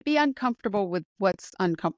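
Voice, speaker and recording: A woman's voice: brisk, no room sound, muffled recording. Enthusiastic American woman host, dry sound. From United States. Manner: enthusiastic, emphatic, rising pitch when excited. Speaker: podcast host. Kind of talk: conversational interview.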